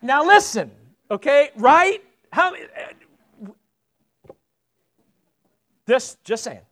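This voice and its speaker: A pastor preaches a sermon in a church sanctuary, talking conversationally and asking the congregation questions. His voice is very high-pitched and sing-song, very slow and a bit bright.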